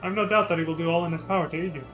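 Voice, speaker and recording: A man voicing a stern, fiercely loyal male resistance captain as he reads game dialogue aloud, commanding and gruff. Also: fairly high pitch, steady tone, very fast, music in the background, lightly acted, rough recording. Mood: steady. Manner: commanding, gruff, scolds with affection.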